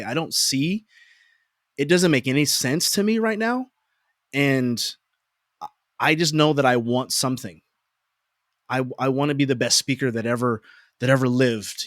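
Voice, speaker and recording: A man in his forties, a podcast guest, tells reflective personal stories, often repeating words, restarting sentences, and acting out his own inner thoughts. His voice is medium-pitched and fairly bright, recorded with studio quality and no room sound.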